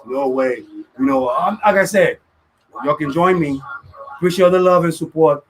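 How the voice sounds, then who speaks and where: A man's voice: fairly high pitch, normal speed, rough recording. A man hosting a live radio show, talking loosely and casually, full of "you know what I'm saying" fillers.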